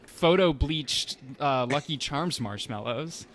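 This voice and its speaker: Slow-talking man with noisy background. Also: on the high side, lively intonation. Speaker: let's play guest. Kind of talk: casual group commentary over gameplay.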